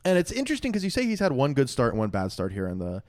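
A man chatting casually on a podcast in a mid-pitched voice, telling a story with rambling asides, fillers and bursts of laughter. The recording is close and dry, with no room sound at all. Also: huge pitch swings, racing, no echo. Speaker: podcast co-host. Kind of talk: casual sports podcast chat.

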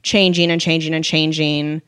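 Woman, lowish voice, reflective, frank, casual podcast chat, smooth, dry. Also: level tone, moderate pace, a bit bright, no room sound. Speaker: podcast co-host.

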